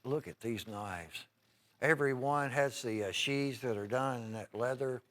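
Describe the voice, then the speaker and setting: A man's voice: mid-range voice, unhurried, fairly bright tone. A man hosting a live TV shopping show, selling in a folksy, enthusiastic, chatty way with many fillers. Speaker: TV shopping host. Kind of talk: live TV shopping sales pitch.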